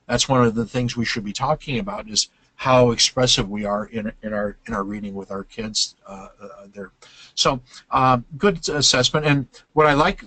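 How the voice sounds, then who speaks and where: An older man explains things to teachers in a webinar, patient and halting, often stopping on "uh" and starting over. His voice sits at an ordinary middle pitch. The recording is dry and close, with no room sound. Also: a bit bright, no echo, poor audio. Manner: explanatory, many "uh" fillers and restarts. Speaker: webinar presenter.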